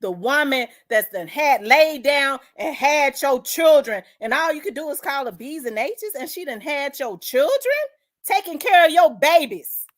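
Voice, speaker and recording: A woman's voice: high voice, expressive, a little slow. Fired-up Memphis woman ranting bluntly. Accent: Memphis Southern US. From South Memphis, Tennessee. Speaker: host. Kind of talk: opinion commentary vlog.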